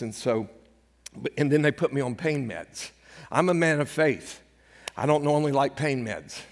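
An older man preaching a sermon, telling a personal story in a conversational way and acting out the dialogue. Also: medium pitch. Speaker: pastor. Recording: hall reverb.

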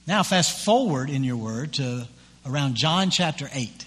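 Man, pastor, sermon, conversational, somewhat high voice, long hall reverb. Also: normal speed. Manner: conversational, animated retelling with acted quotes.

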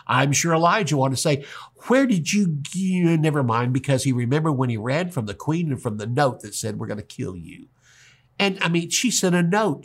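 A pastor delivers a sermon in an animated way, slipping into the voices of the people he quotes. He is a man with a voice that sits a little high for a man.

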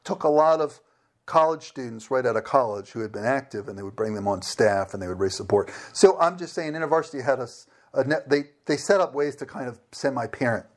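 A middle-aged man, a former missionary, telling stories in an interview in a lively way and acting out the people he quotes. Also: medium pitch, brisk. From United States. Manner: animated, acts out quoted voices. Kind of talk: conversational interview storytelling.

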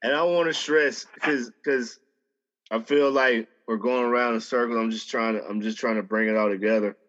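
A man in a casual chat over a video call, talking in a measured, reflective way with many fillers. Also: mid-range voice, steady tone, a bit bright, dull audio.

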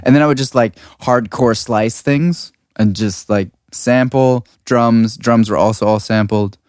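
A man's voice: medium pitch, unhurried, a little mellow, no room sound. A young man, a music producer, chatting casually with lots of fillers in a studio. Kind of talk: casual chat. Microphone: studio mic.

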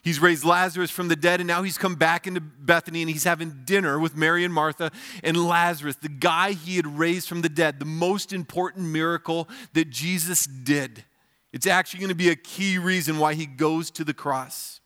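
Bright-voiced man preaching a sermon. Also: fairly even intonation, moderate pace. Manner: explains scripture in plain, conversational terms; prays in a softer, lower voice. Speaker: pastor. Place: church.

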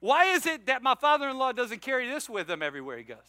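Male pastor, high bright voice, dry close sound, animated storyteller sermon. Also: quick pace, no echo. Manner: storytelling, animated, self-mocking, with laughs. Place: church sanctuary.

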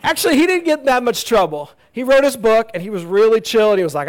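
A male pastor preaching a sermon with animated, jokey storytelling. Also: high voice, brisk, few pauses.

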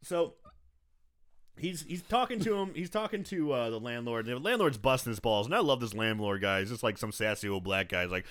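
Talking fairly quickly in a mid-range voice, this podcast co-host chats casually through a film recap. He curses often, stays animated, and throws in bursts of acted-out lines.

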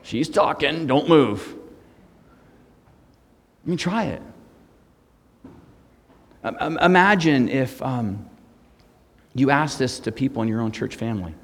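A middle-aged man, a guest pastor, preaching a sermon with humor, moving between hushed and loud. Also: mid-range voice, lively intonation, unhurried, pauses often, in a large hall. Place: church sanctuary.

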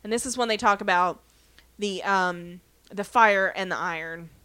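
Chatty woman podcaster with a clear voice. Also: mid-range voice, moderate pace, bright, forceful tone, no room sound. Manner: chatty storyteller, quotes characters in playful voices, laughs often. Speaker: podcast co-host. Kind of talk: casual chat recapping a TV episode.

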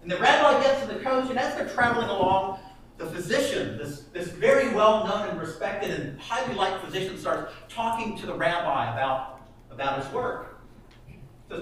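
A man's voice: sits high, expressive, moderate pace, fairly bright tone. Preacher guy telling funny stories in a sermon, big echoey hall, faint hum behind. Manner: storytelling, chuckling at his own jokes. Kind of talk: sermon with told jokes. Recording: echoey room, mic far off.

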